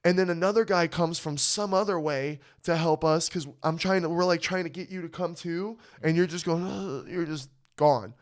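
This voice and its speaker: A man co-hosting a podcast, telling a story in casual chat, animated and swearing, often asking "you know what I mean". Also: fairly high pitch, normal speed, few pauses. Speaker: podcast co-host.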